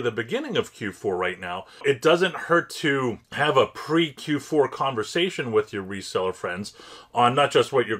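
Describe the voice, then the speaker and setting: A man's voice: medium pitch, a bit bright. A man hosting his own channel, talking casually and at length about buying and selling, with frequent fillers and restarts. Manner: conversational, many fillers and restarts, rising emphatic openers. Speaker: host. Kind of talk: casual advice monologue.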